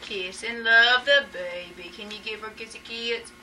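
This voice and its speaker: A woman's voice: a little high, normal speed, music in the background, rough recording. A woman, a mother, using coaxing sing-song baby talk with her toddler.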